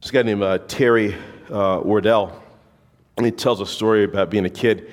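Guy preaching, lowish voice, tells stories n does the voices, big echoey church. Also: fairly even intonation, normal speed. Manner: storytelling, acts out voices in the story. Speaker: pastor. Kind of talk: sermon.

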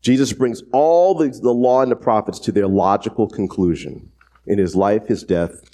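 A man preaching a sermon in a conversational way, often asking "right?" and swinging his pitch up and down for emphasis. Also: moderate pace. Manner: conversational, frequent tag questions, animated pitch swings.

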